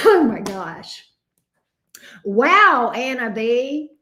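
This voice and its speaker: A woman's voice: on the high side, sing-song, drawn-out words, sharp tone. A woman in her fifties hosting a livestream as a tarot reader, chatting casually with viewers, blunt and profane, laughing easily. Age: 50s. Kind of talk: casual livestream chat reading viewer comments.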